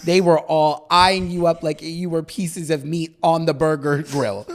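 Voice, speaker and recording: A young woman co-hosting a podcast, recounting events in relaxed casual chat full of "like". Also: sits low, measured pace. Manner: laid-back recounting with filler "like". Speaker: podcast co-host.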